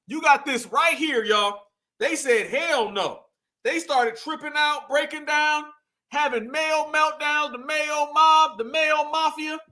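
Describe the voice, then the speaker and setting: A man with a high, very bright voice talks straight to his audience in a commentary vlog. His delivery is preachy and emphatic, full of slang and repeated rallying calls. He also slips into mocking laughter. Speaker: host.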